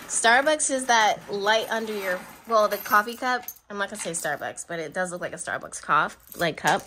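A woman's voice: mid-range voice, moderate pace, hardly any pauses, bright, forceful tone, a little hiss or hum. A woman giving a pick-a-card tarot reading, chatty and affectionate, speaking straight to her viewers and laughing between remarks. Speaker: tarot reader.

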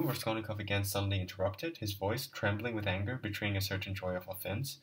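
A man narrates a novel in a low voice with steady, plain delivery. The voice sits a little back from the mic, as from a home recording. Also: a little fast, far from the mic, rough recording. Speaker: audiobook reader.

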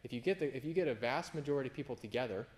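A man, a pastor, giving an informal sermon, often restarting phrases and jumping into sudden emphatic high bursts. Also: expressive, rapid-fire. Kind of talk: conversational sermon.

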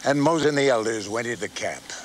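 A man narrating a scripture story in an expressive, archaic reading style. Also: mid-range voice, a little fast, a little hiss or hum, rough recording.

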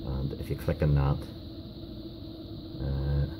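A man giving a casual hands-on workshop demonstration, talking in a halting way with many fillers and restarts. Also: very deep voice, monotone, noisy background. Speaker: DIY car repair video host.

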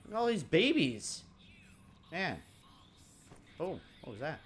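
A man's voice: on the high side, sing-song, takes it slowly, fairly bright tone, slightly rough. A young man giving casual, joking let's-play commentary, laughing often and mimicking characters. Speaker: gaming commentator.

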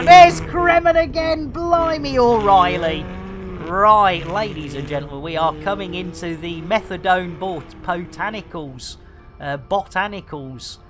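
A man streaming a space game, chatting and joking as he plays, with a rambling manner and lots of fillers. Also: high voice. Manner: jokey, rambling banter with many fillers. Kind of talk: casual gameplay commentary.

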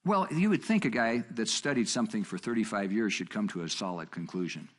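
A middle-aged man leads a marriage seminar in a low, husky voice, chatting with the room and acting out both sides of a conversation. He leaps up in pitch when he wants to make a point. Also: brisk. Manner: conversational, storytelling with quoted dialogue; animated, jumps up in pitch for emphasis. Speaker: seminar teacher.

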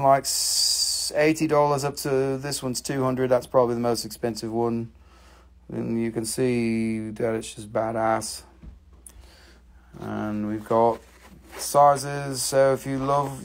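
A man hosting a live stream that sells stones, chatting casually, joking and swearing as he goes. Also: mid-range voice. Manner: joking, profane, chatty patter. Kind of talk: casual live sales chat.

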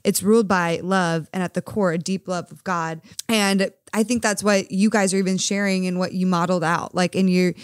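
A woman's voice: fairly low pitch, steady tone, normal speed, few pauses, clear, resonant tone, no echo, clean studio sound. A woman hosting a faith-based podcast, chatting enthusiastically and affirming her guests with frequent laughs. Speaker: podcast host.

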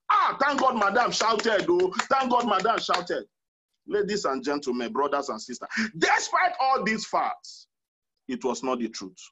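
Pastor preaching hard, voice swoops up and down a lot. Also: male voice, high voice, a bit bright, husky, muffled recording. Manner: emphatic preaching, numbered points, acted-out quotes. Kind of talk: sermon.

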